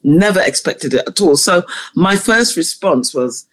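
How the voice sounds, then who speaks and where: Lively, husky-voiced woman telling stories. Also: on the low side, a little slow. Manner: animated, laughs often while telling stories. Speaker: choir conductor, guest. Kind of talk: interview storytelling.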